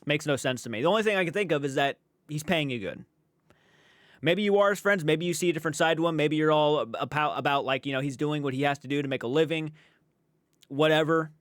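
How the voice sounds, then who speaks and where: A man's voice: on the high side, quick pace, fairly bright tone, no room sound, clean studio sound. A man giving casual, blunt reaction commentary, exasperated and swearing freely.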